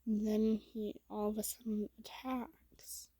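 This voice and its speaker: A woman telling a listener-centred story as a whispered role-play, speaking softly and hushed with small slips. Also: medium pitch, level tone, slow, a little hiss or hum, low-quality recording.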